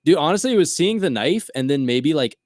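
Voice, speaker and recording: A man's voice: on the high side, lively intonation, brisk, darkish tone, dry recording, clean studio sound. A man co-hosting a casual chat, telling a long story and acting out his friends' lines. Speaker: podcast co-host.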